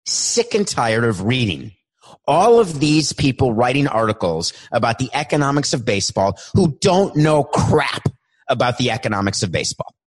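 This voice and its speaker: A man's voice: mid-range voice, sing-song, normal speed. A man hosting his own podcast, talking solo in a worked-up, emphatic way and stretching words for emphasis. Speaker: podcast host. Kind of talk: energetic solo podcast monologue.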